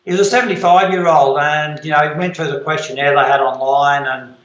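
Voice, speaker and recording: A man's voice: a little high, steady tone, brisk, a bit bright. A man coaching in a casual call, encouraging and telling jokes and anecdotes. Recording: roomy, dull lo-fi call audio.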